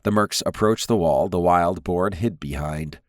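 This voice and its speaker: Man, audiobook narrator, very deep voice, measured reading, dry close recording. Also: no echo. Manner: measured, even storytelling. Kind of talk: scripted narration.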